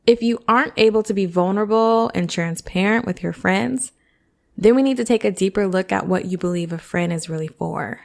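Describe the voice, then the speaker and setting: A podcast host speaks in a creaky, medium-pitched voice. Her advice comes across as blunt and talkative, and she regularly pauses to check in with whoever's listening.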